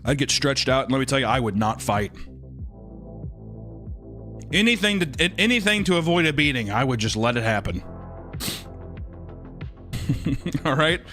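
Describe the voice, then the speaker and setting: Man, streamer, casual live chat, rambling, crude jokes, lively pitch, faint music behind. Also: a little slow, long pauses.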